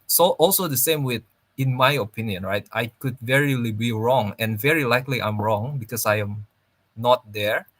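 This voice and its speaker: A man's voice: medium pitch, fairly bright tone, no room sound. A man giving casual reaction commentary over a video, rambling and restarting his sentences. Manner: rambling, halting, many restarts.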